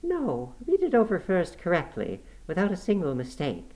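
Guy doing a high teasing young lady, bossy and playful, audiobook. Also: huge pitch swings, normal speed, darkish tone. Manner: playful, commanding. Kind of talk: audiobook character voice.

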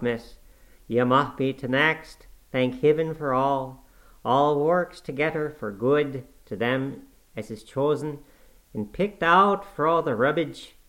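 A man's voice: medium pitch, pitched above the performer's own voice. A man doing a cranky old servant. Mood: preachy. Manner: slow, loud, preachy ranting. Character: cantankerous old male servant, pious and scolding.

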